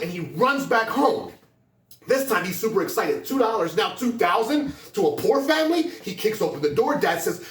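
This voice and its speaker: A man's voice: sits high, sing-song, normal speed. A man speaking as a motivational speaker, animatedly telling a story to students and building to urgent emphasis. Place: school hall. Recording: echoey room from a distance.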